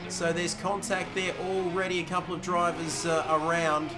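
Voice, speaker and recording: A man doing energetic, chatty play-by-play commentary for a sim racing league stream, talking into a headset. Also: sits high, normal speed. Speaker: race commentator.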